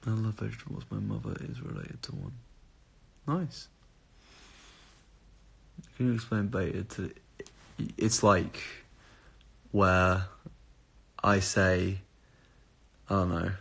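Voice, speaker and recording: A man's voice: lowish voice, fairly even intonation, slow pace, vocal fry, pauses often, a bit bright, slightly rough. A tired young man chatting casually on a live stream, reading out viewer comments and answering them in a rambling way with casual swearing. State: tired and up at odd hours.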